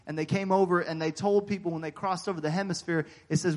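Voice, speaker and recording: Man, American, pastor, sermon storytelling, folksy, animated, fairly high voice. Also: quick pace, few pauses. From United States.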